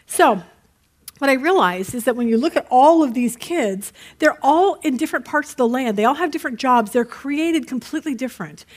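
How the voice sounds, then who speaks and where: A woman's voice: sits high, moderate pace. A woman teaching a Bible study in a conversational way, telling stories and checking in with her listeners. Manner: chatty, checks in with listeners with "okay?"; lively storyteller.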